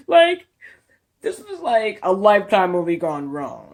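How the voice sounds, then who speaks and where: A woman tells a story to camera in an animated, disbelieving voice. She swears freely and talks with plenty of emphasis. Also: mid-range voice, a little slow. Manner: animated, profane, incredulous storytelling. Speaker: vlogger. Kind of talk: storytime vlog.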